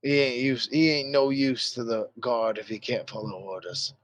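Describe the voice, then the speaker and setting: Man as rough-talking captain of the guard, blunt, crude, middle-pitched. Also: moderate pace, fairly bright tone, no room sound, close to an everyday voice. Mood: exasperated. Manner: swearing, blunt, dismissive.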